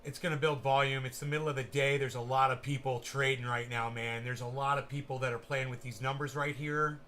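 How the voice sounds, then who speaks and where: Excitable, profane man calling a live chart. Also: mid-range voice, fairly quick, a little hiss or hum. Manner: excitable, profane, talks straight to viewers. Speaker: crypto livestream host. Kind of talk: live market commentary to a chat.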